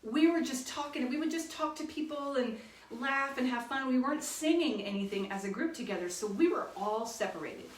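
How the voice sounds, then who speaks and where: A woman's voice: high-pitched, brisk. A woman telling a funny story in a chatty way, often laughing and correcting herself. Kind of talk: casual storytelling. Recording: echoey room, distant mic, faint noise.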